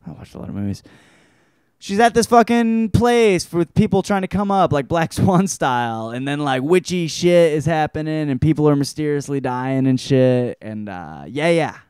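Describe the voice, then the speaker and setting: A young man hosting a casual solo show, rambling and swearing, with loud outbursts, tired and drinking beer. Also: fairly high pitch, expressive, normal speed, smooth, no room sound, studio quality. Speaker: host.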